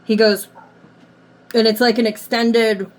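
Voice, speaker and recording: Speaking slowly in a level tone, this woman has a slightly high voice. She works as a medium, relaying messages from the dead in a reading, and she hedges throughout, peppering her speech with "like."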